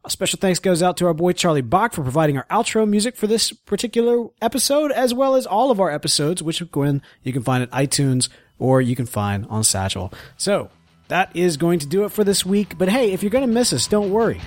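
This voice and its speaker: Brief: lively, slightly high-voiced man hosting a TV talk podcast, dry close recording. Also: brisk, no room sound, faint music behind. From American South. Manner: animated, joking, reads show plugs. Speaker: podcast co-host. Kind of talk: casual chat.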